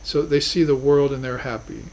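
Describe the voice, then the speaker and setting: A man's voice: medium pitch, fairly even intonation, moderate pace, gravelly, a little mellow, low-quality recording. A man teaching a class on spiritual philosophy, talking in an earnest, reflective way with emphatic bursts. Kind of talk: recorded class lecture.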